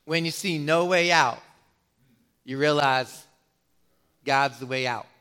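Bright-voiced pastor preaching a sermon. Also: male voice, fairly high pitch, clean tone. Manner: preaching with questions to the congregation and dramatic pauses.

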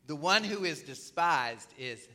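A man delivers a morning sermon, reading passages aloud and unpacking them for the congregation. His voice sits high and cuts through brightly. A tickle in his throat keeps him coughing and clearing it as he goes. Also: expressive, a little slow. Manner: reads scripture aloud then explains it. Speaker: pastor.

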